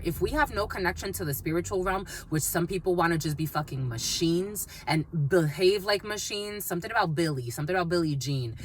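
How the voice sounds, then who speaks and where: A woman's voice: fairly low pitch, a little hiss or hum. Blunt, emphatic woman reading tarot. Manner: blunt and emphatic, swears freely, repeats phrases. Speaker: tarot reader. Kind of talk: channeled tarot reading to camera.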